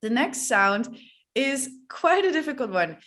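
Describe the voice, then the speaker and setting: A woman with a Dutch accent, a native Dutch speaker, teaching pronunciation in a playful, demonstrative way and repeating example words slowly. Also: sits high, very animated, a bit bright. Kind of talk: pronunciation lesson to camera.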